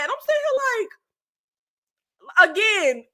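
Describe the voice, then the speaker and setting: A woman hosting her own channel, recapping a reality show in a blunt, animated, exasperated way with casual swearing. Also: high voice, unhurried, pauses often. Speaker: channel host reviewing reality TV.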